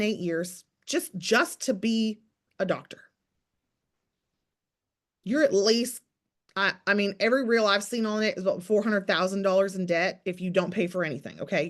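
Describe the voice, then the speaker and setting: With a mid-range voice, a woman in her thirties rallies her accountability group on a call. Her pep talk is rapid, emphatic, preachy and teasing.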